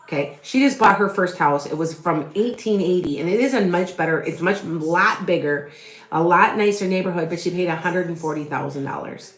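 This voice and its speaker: A woman's voice: fairly low pitch, fairly quick. A middle-aged woman doing a live tarot reading, answering viewers' questions in a rambling, chatty way full of fillers and restarts. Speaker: tarot reader and psychic medium. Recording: echoey room.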